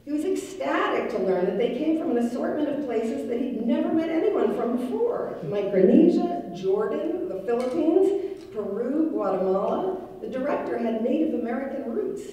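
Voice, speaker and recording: A middle-aged woman giving a wry, gently humorous memorial tribute to her late father. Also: sits high, sing-song, normal speed. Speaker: daughter giving a eulogy. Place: large synagogue hall. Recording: echoey hall, mic far off.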